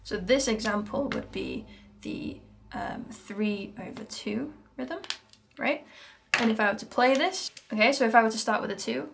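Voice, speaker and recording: A British woman teaching handpan rhythms, chatty and explanatory, who counts the beats out loud. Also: fairly high pitch, moderate pace, vocal fry. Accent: British English. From Britain. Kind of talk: music lesson. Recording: music playing in background. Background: handpan music.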